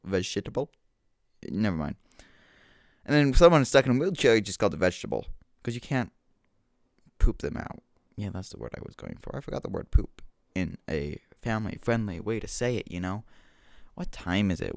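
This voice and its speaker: Low gravelly man rambling. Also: expressive, moderate pace, no echo. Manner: rambling, self-mocking, goofy asides. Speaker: solo podcaster. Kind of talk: casual solo rambling. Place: home room with washer and dog. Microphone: desk mic with gain control.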